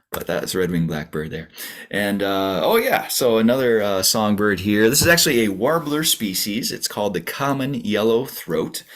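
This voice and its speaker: A low-voiced man talks through a virtual birding tour in a loose, easygoing way. He is full of "uh"s and small restarts, and now and then mimics a bird call. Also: moderate pace. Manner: relaxed, chatty, many fillers, imitates bird songs. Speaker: audubon center director, tour guide. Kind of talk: informal narrated birding tour.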